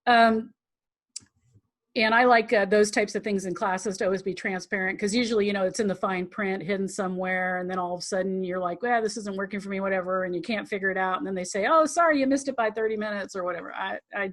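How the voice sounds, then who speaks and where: A woman's voice: mid-range voice, fairly even intonation, fast. Chatty female tantra teacher, loose and rambling, acts out little quotes with laughs. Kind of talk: live online class teaching.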